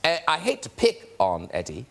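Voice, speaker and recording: A man's voice: normal speed, gravelly. Teasing male chat show host. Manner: teasing, giggly, lively pitch. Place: TV studio with live audience. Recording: studio audience crowd noise.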